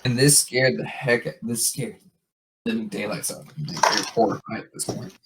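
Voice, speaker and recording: A man's voice: lowish voice, expressive, normal speed, a bit bright, poor audio. A man hosting a podcast, telling a story in a rambling casual way with many fillers and restarts. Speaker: podcast host.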